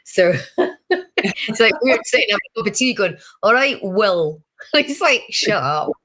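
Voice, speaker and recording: Brief: bright, chatty woman in her fifties, laughing storyteller. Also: on the high side, lively intonation, unhurried. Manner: chatty storytelling, laughs often, acts out quoted voices. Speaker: guest. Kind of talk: casual interview chat.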